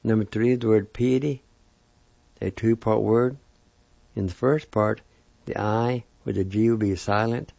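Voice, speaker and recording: A man with a low, gravelly voice teaches vocabulary at an unhurried, deliberate pace, breaking words into syllables and saying each one several times. His tone is dark and mellow. The recording is dry and dull, with a lo-fi sound. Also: fairly even intonation, no echo. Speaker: language teacher. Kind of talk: recorded weekly language lesson.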